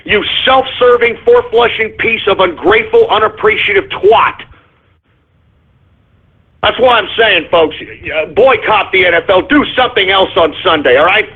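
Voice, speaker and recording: A man hosting a talk radio show, ranting loudly and profanely with indignant repetition. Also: high-pitched, normal speed, husky. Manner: loud, profane, indignant ranting with repeated catchphrases. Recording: phone-like lo-fi radio audio.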